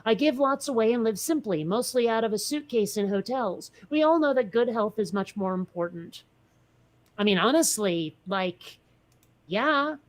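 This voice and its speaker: A woman's voice: on the high side, expressive, moderate pace. A woman co-hosting a podcast in casual chat, blunt and wry, rambling through her thoughts. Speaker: podcast co-host.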